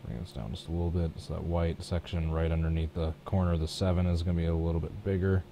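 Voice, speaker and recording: Fast and steady, his low-pitched, dark voice carries casual, self-mocking commentary as he streams himself painting a race truck on his computer. He walks himself through each step out loud, with a little hiss or hum in the background.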